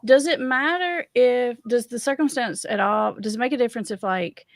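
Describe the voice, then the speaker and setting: A woman's voice: a little high, moderate pace, no echo, studio quality. A woman hosting a casual talk about addiction, thinking aloud and asking careful questions as a counselor. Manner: thoughtful, questioning, talks through ideas with restarts. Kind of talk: casual conversational discussion.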